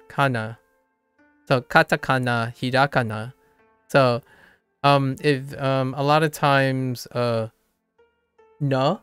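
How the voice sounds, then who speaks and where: A man's voice: mid-range voice, a bit bright, clear, resonant tone, no echo. A man streaming a casual lesson on Japanese sounds, rambling, correcting himself and laughing often. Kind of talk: casual live-stream explanation.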